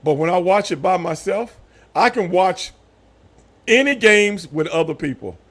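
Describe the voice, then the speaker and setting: A man in his fifties chatting casually on a live stream, telling animated stories with loud voiced outbursts. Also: high voice, measured pace. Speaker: streamer host.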